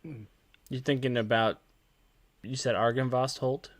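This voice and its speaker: A man narrating as game master of a tabletop game, in a halting, hesitant way. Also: mid-range voice, steady tone, no room sound.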